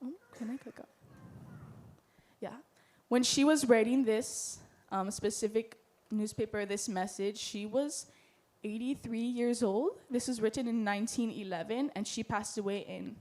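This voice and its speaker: A woman's voice: mid-range voice, a little mellow. A young woman with a Hawaiian accent giving an earnest, heartfelt symposium presentation, with Hawaiian words in her speech. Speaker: student presenter. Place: lecture hall.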